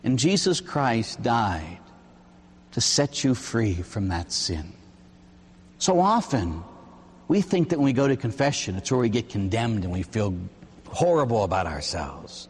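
A man, a Catholic priest, preaching a sermon with animated, emphatic storytelling. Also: fairly low pitch, a little slow, long reverb tail, slight background noise.

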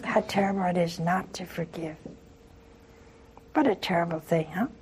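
A woman's voice: fairly low pitch, moderate pace, a little mellow, slight background noise, poor audio. An older woman, a nun, hosting a religious call-in show and telling stories in an earnest way, acting out the people in them. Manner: earnest, with acted-out anecdotes and repetition. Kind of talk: call-in religious talk with storytelling.

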